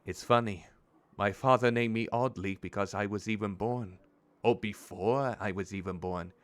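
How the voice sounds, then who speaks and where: A man voicing a grieving, guarded young warrior woman in a fantasy game, read in a quiet, measured way. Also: fairly low pitch, steady tone, no room sound, lightly acted.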